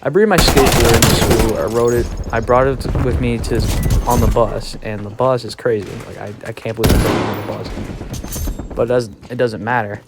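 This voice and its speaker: A young man tells a story to his viewers in a loose, rambling way. He swears often and restarts his sentences, at an ordinary pitch for a man. Loud video game gunfire and explosions keep going behind him. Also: fairly even intonation, normal speed, very noisy. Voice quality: rambling, profane, many restarts. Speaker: vlogger. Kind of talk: casual storytime.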